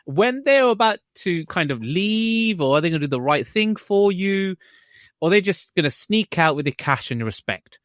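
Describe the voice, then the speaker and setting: A man co-hosting a casual podcast, telling a story in an animated way and acting out what people say. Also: high voice, moderate pace, no room sound, clean studio sound. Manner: animated storytelling, acts out lines in other voices. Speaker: podcast co-host.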